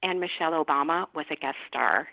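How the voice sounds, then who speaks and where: A middle-aged actress chatting as a podcast guest, telling stories and laughing often. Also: female voice, deep voice, fast talker, creaky, dry recording. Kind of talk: casual podcast chat. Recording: tinny phone-line sound, dry.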